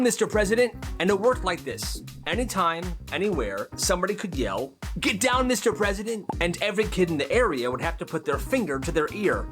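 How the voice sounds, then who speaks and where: A man narrating school stories with dramatic flair and wry asides. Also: a little high. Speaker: storyteller. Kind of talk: storytelling narration. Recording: music clearly behind voice.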